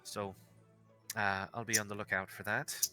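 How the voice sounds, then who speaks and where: A man plays a guarded, protective woman in a tabletop game. She is slow and measured, with a bright tone, and she sounds worried about what comes next. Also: lowish voice, flat delivery, soft background music. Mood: wary. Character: wary, protective woman, the sorceress's sister.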